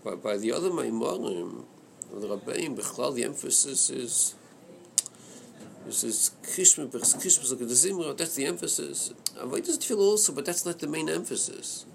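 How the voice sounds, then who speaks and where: A man leading a study class on a Chassidic text, thinking aloud in a hesitant, halting way that repeats words. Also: mid-range voice, animated, gravelly, a little hiss or hum. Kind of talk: Torah study class discussion.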